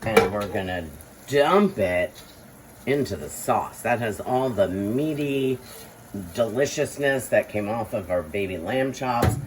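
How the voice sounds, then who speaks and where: A woman's voice: very deep voice, expressive, slow pace, background noise. An older woman hosting a casual home cooking demonstration, playful and theatrical, joking about her own skills. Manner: playful, theatrical, self-mocking boasts. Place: home kitchen.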